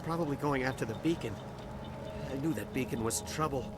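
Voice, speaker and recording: A man's voice: medium pitch, fairly quick, noisy background, lightly acted. An actor playing a nervous male dock worker and smuggler in a video game, stammering and defensive. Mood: shaken. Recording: game audio with music behind.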